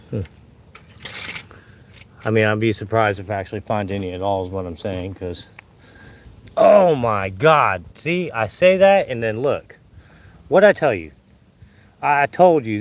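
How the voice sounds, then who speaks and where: An older man with a Southern American accent, out of breath from climbing a hill, chatting casually to viewers as he hunts fossils outdoors. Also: on the low side. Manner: chatty, folksy, talking to viewers while searching. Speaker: fossil hunting vlogger. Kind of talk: casual live narration while hunting outdoors. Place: outdoors on a dirt hillside.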